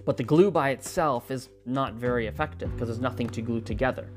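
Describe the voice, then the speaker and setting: Animated language coach, faint music behind. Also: medium pitch, brisk. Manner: animated, acts out little learner dialogues, repeats words while thinking. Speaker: language-learning video host. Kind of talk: casual explainer lesson.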